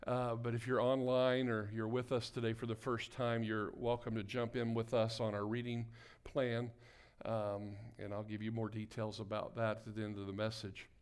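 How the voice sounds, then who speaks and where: A man's voice: fairly low pitch, level tone, moderate pace, hardly any pauses, clean tone. A pastor preaching a sermon and praying before his congregation, calling for amens and building to emphatic exhortation. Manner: call-and-response, rising to emphatic exhortation. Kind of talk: sermon with prayer. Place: church sanctuary before a congregation.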